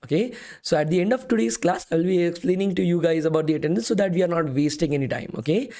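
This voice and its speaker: A young Indian man leads a live coding bootcamp class in Indian English, his slightly high, warm voice moving at a quick pace but strained after a day of talking. Chatty by nature, he often says "okay" and "guys" and reads chat questions aloud.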